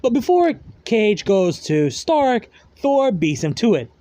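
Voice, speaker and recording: High-voiced man rambling through a story. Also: sing-song, takes it slowly, warm tone. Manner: rambling, filler-heavy, loose grammar. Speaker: fan story narrator. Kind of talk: casual retelling of a fan story.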